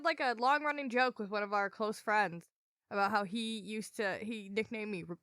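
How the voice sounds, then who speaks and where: Bright-voiced woman co-hosting a chatty podcast. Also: a little high, clear, resonant tone, no echo, clean studio sound. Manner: chatty, playful, swears casually. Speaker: podcast co-host. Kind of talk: casual chat.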